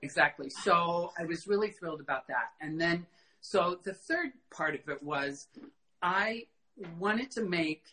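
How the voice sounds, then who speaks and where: A middle-aged man, a guest in a casual interview, telling animated stories and acting out quoted dialogue, with frequent fillers. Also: high voice, a little slow, slight background noise, low-quality recording. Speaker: costume designer guest.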